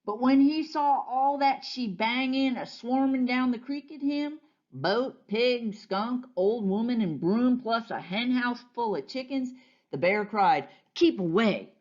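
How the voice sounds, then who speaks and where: A woman pastor reading a children's storybook aloud in a gentle, folksy storytelling manner. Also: fairly high pitch, a little slow, lo-fi sound.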